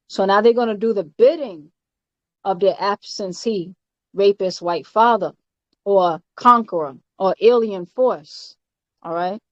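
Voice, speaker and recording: A woman giving an informal doctrinal teaching. She is emphatic and halting, with many fillers and repeated words, and often ends her points with "all right?". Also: medium pitch, dry recording. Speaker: spiritual teacher. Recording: dull, lo-fi, dry recording.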